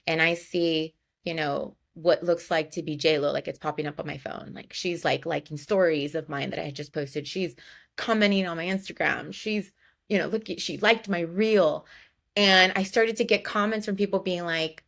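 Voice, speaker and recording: A woman's voice: fairly low pitch, moderate pace, gravelly, fairly bright tone. A woman hosting a personal podcast, telling a candid story in a chatty way full of "like" and "you know". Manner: candid and emotional. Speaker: podcast host.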